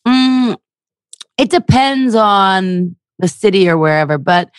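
A woman's voice: medium pitch, lively intonation, slow, clear, resonant tone, no room sound, clean studio sound. A young woman from the Philadelphia area, a stand-up comedian talking casually on a podcast, telling stories with crude jokes and acted-out voices.

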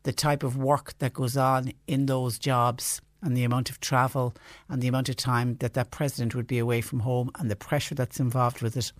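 An Irish-accented man hosts a radio phone-in show from the studio, delivering a chatty, indignant monologue packed with rhetorical questions. His medium-pitched voice moves little in pitch, at a moderate pace with no room sound.

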